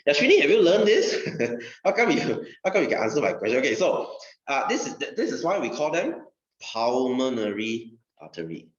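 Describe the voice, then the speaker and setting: A man's voice: on the high side, echoey room, highs cut off. A man with a Malaysian English accent teaching a science class, joking and asking students questions. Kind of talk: classroom lesson.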